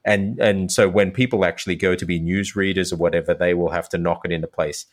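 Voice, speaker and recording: Deep-voiced man chatting about language. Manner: animated, jumps into quick voiced examples. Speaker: podcast guest, language teacher. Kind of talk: casual interview chat.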